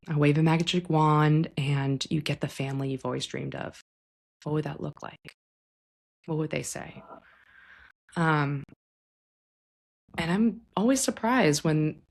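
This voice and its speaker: Low-voiced woman therapist, gentle and reflective. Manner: gentle, reflective, often acts out clients' and parents' voices. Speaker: therapist and podcast host. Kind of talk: conversational psychology talk.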